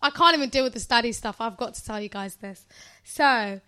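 A woman, co-hosting a podcast and telling an animated story, laughing often. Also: a little high, a little fast, clear, resonant tone. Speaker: podcast co-host. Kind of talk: casual chat.

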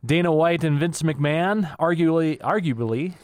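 A man co-hosting a podcast, reading out odd news stories in a relaxed, amused way. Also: fairly high pitch, no room sound. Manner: laid-back, reads news items with quick laughs. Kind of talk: casual chat.

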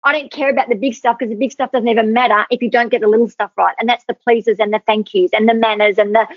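Woman guest, earnest storyteller, husky tone, dry narrow phone-line sound. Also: on the high side, steady tone, quick pace, no room sound. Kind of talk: storytelling advice on leadership.

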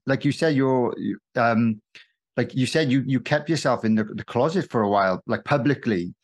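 A Welsh man of middle pitch hosts a podcast in casual conversation. He is friendly, laughs often and fills his talk with ums and restarts. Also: moderate pace. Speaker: podcast host. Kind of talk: casual interview chat.

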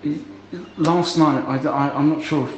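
A man leaving a halting, stammering voicemail for a friend in a comic sketch. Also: a little high, steady tone, a little hiss or hum. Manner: halting, stammering, grows exasperated and shouting. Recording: roomy, dull recording with faint ambience.

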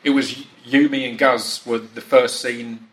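A man hosting a relaxed chat with a fellow actor, talking in a self-deprecating way with lots of restarts, sitting at a table on the top deck of a bus. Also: medium pitch, normal speed. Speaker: podcast host and actor. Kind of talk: casual chat.

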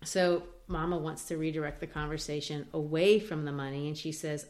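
A woman teaching literature in a lively way, discussing a play and acting out its quoted lines. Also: low-pitched, moderate pace. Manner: animated, acts out quoted lines.

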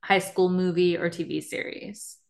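A young woman chats casually as a podcast co-host, asking questions and laughing easily. Her voice sits slightly low. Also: steady tone, moderate pace, vocal fry. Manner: laughs often, asks questions. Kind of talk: casual chat.

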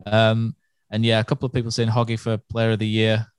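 Hesitant podcast host, dry sound. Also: male voice, fairly low pitch, monotone, fairly quick, clear, resonant tone, no room sound. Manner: hesitant, many uhs, wraps things up. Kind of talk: casual football podcast chat.

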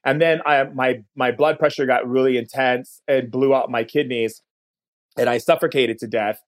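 A man's voice: mid-range voice, fairly even intonation. Earnest man telling a long story. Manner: earnest, drawn-out storytelling with pauses and restarts. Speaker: podcast guest. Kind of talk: personal storytelling in an interview.

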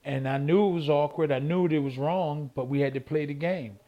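A man's voice: on the high side, moderate pace, highs cut off. An older man, a former boxing champion telling his story as a guest, repeating phrases and acting out old phone calls. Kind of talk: animated storytelling interview.

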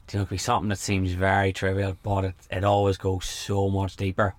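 A man hosting a podcast from a camper van, chatting in a relaxed way and swearing casually. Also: low-pitched, fast, few pauses. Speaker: podcast host. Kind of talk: casual conversation.

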